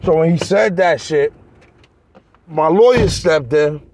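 A man's voice: fairly high pitch, slow, darkish tone, a little hiss or hum. A man vlogging in a heated, profane rant aimed straight at his viewers. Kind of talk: ranting monologue to camera.

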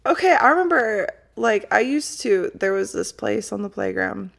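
A woman's voice: mid-range voice, expressive, normal speed, gravelly. A young adult woman hosting a casual podcast chat, laughing often and joking playfully.

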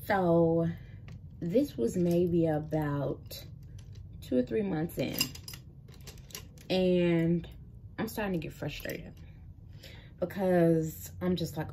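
A woman's voice: fairly low pitch, a little slow, warm tone, a little hiss or hum. A woman in her thirties, talking casually and directly to her viewers as she shares a personal faith story. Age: 30s. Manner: casual and chatty, talks straight to viewers as "y'all". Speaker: vlogger. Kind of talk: personal testimony vlog. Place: Memphis.

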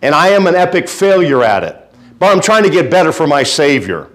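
A male pastor preaching a sermon in a fervent, folksy way, swinging between quiet asides and loud exhortation. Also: on the high side, sing-song, a little fast.

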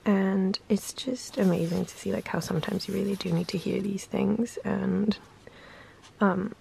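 A young woman talks in a soft, half-whispered vlog voice, croaky and gravelly from just waking up. Her tone is dark and mellow, full of easy "like" fillers. A faint hiss sits behind her. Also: mid-range voice, fairly even intonation, measured pace. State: croaky morning voice. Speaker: vlogger. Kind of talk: casual morning-routine vlog chat.

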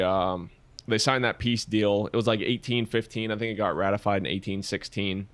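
A man's voice: on the low side, no room sound. A man co-hosting a casual podcast, going through his research notes with frequent fillers and joking asides. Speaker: podcast co-host presenting research.

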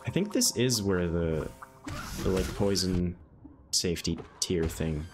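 A young man from the northeastern United States provides laid-back live-stream commentary while gaming, his low-pitched voice animated and his pace measured. He rambles with plenty of "um"s and "like"s as game music plays behind him.

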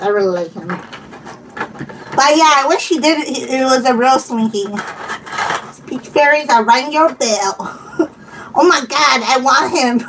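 A woman vlogger chatting casually while unboxing, giggling often and gushing with excitement. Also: high-pitched, recorded from a distance, noisy background. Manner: giggly and gushing, frequent laughter.

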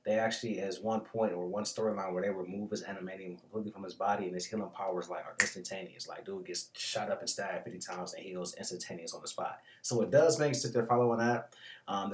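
A man hosting a casual movie review vlog, talking in a slangy, rambling way with joking asides. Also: lowish voice. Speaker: movie reviewer, show host.

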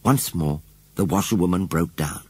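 A man reading a children's storybook aloud with expressive, animated narration. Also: deep voice, normal speed, husky, no room sound. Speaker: audiobook reader.

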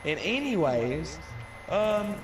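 A man's voice: a little high, very animated, takes it slowly, over music. A young man chatting casually with friends while gaming, telling rambling stories with plenty of fillers. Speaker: gamer in party chat.

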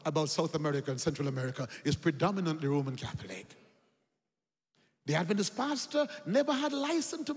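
A man preaching a sermon, telling stories, dropping to a hush for quotes and rising to shouts. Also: a little high, big-room sound. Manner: swings from hushed quoting to shouted exclamations. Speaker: evangelist preacher. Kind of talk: sermon with storytelling. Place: church or hall.

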